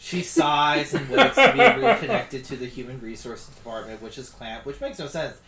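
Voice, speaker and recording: A man playing a character in a tabletop role-playing game, lively and animated. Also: medium pitch, moderate pace, a crowd in the background. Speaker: player. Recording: echoey room with faint noise.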